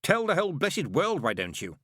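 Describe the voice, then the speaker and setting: A man voicing a sly, flippant male demon with a quick, mocking, petulant manner, raised well above his own voice. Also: a little high, huge pitch swings, pushed and bright, slightly rough, dry recording, studio quality, pitched above the performer's own voice, exaggerated voice.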